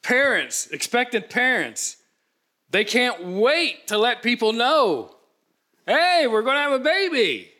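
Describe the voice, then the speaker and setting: With a bright, high-pitched voice, a pastor delivers an energetic sermon. His vivid, dramatic preaching acts out the story, marked by emphatic pauses.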